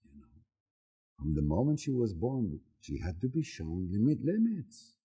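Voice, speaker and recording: A man's voice: on the low side, sing-song, normal speed, warm tone, breathy edge. A man teaching, telling a personal story in an informal, storytelling way. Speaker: Human Design teacher. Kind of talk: talk to a group.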